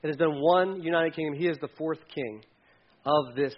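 A man preaching with a high voice, animated and playful as he acts out lines from scripture. The sound is dull and lo-fi. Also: moderate pace, a little hiss or hum. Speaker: pastor. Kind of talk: sermon.

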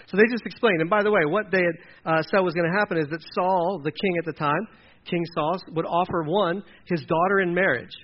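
High voiced guy preaching a sermon like he's chatting, does little voices for people, kinda muffled lo-fi sound. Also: expressive, brisk. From Delaware. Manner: conversational, acts out quoted characters.

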